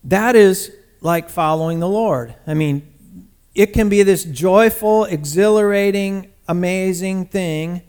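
A man preaching a sermon in a conversational, animated way, speaking directly to his congregation and swinging from loud bursts to quiet asides. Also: sits high, slow pace, clear, resonant tone. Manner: talks to the congregation directly, calling on people by name.

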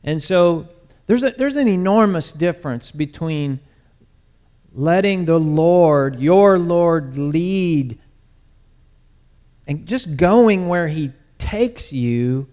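A man with a fairly high voice delivers a sermon in a loose, talkative style, speaking straight to the people in front of him. He leaps from loud bursts down to soft, low asides. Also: slow pace. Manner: animated, conversational preaching with sudden loud bursts and soft drops; talks to the congregation directly, calling on people by name. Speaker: preacher.

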